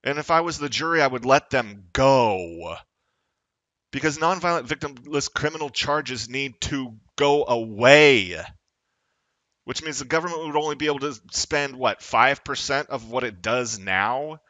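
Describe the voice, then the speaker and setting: Man, vlogger, furious profane rant, tense bright voice, dead-dry sound. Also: mid-range voice, measured pace, no room sound. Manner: angry, profane, rising to shouts. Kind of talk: confrontational political rant.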